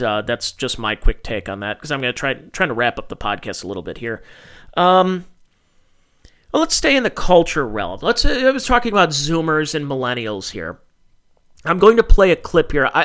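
A man's voice: fairly high pitch, very animated, moderate pace, a bit bright. A man in his thirties hosting a solo podcast, rambling, swearing freely and correcting himself as he talks. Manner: rambling, profane, corrects himself mid-thought. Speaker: podcast host.

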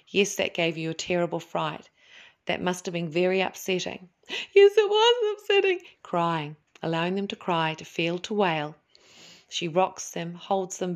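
A woman hosting a spiritual talk, speaking in a gentle, slow, soothing way and now and then acting out little voices to make her point. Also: medium pitch. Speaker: podcast host.

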